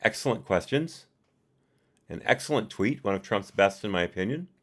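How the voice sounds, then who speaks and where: A man's voice: fairly low pitch, lively intonation, normal speed, fairly bright tone. A man doing a live reading of a report, reading the punctuation aloud and adding his own asides. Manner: reads punctuation aloud and adds personal asides. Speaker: reader and commentator.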